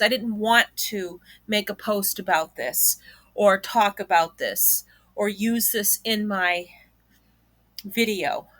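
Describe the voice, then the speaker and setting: A woman's voice: mid-range voice, pushed and bright, no echo. Blunt, profane woman commentator, dry sound. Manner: blunt, indignant, swears freely. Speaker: YouTube commentator. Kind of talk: reaction commentary.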